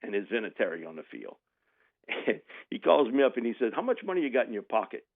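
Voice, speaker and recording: A man's voice: mid-range voice, fast talker, vocal fry. A man, telling a sports story on the radio and acting out the people in it. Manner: animated, mimics voices in anecdotes with laughs. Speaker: radio guest. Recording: tinny phone line.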